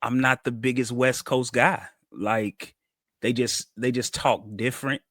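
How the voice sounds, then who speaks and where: Guy, podcast co-host, mid pitch, dry close sound, lively storyteller. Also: unhurried, no room sound. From Cincinnati, USA. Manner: animated storytelling, acts out quotes. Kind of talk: casual chat.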